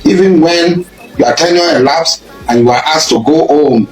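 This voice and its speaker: A Nigerian man delivers an impassioned speech, pressing his accusations over and over and climbing into shouts. His voice sits fairly high and rings around an echoey room. Faint music plays underneath. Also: normal speed. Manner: accusing, repetitive, rising to shouts. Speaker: public speaker addressing a rival.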